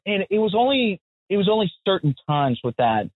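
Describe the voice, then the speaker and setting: An American man telling stories in a casual chat, animated and blunt, swearing freely. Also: high voice, normal speed, hardly any pauses, breathy edge, dry recording. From United States. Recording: tinny phone-like audio, dry.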